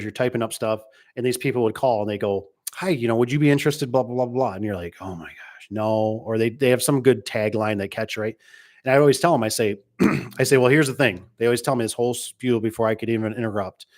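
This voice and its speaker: A man who runs a garage door business, chatting casually and rambling through stories with acted-out quotes. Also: mid-range voice. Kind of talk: casual chat.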